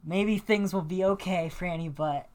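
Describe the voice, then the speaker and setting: A woman co-hosting a casual chat show, retelling a film scene in an animated, profane way, acting out the dramatic moments. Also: fairly low pitch, a little slow. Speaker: podcast co-host.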